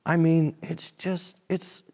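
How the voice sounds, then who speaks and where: A man telling a faith testimony as an interview guest, animated and then dropping soft and low at tender moments. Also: measured pace. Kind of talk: storytelling testimony. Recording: long reverb.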